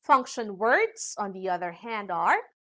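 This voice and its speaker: A woman with a Filipino accent teaching a lesson in a slow, sing-song voice with exaggerated intonation. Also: mid-range voice, sing-song, a bit bright. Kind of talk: scripted lesson narration.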